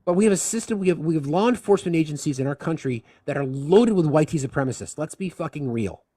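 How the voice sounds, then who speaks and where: A man hosting a live discussion stream, speaking with impassioned, rapid-fire rhetorical questions. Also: a little high, animated, mellow, no room sound, clean studio sound. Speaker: livestream host.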